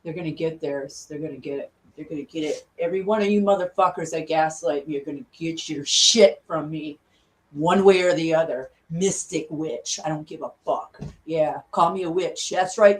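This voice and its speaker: A woman's voice: sits low, normal speed. A woman vlogger ranting angrily, swearing constantly and repeating herself. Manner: furious, swearing constantly, repetitive. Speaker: conspiracy vlogger. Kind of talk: angry profane rant.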